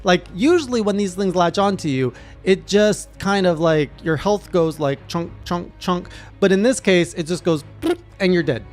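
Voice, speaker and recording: A man, a gaming streamer, recapping his playthrough in casual narration with animated, excited reactions. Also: high-pitched, moderate pace, soft background music.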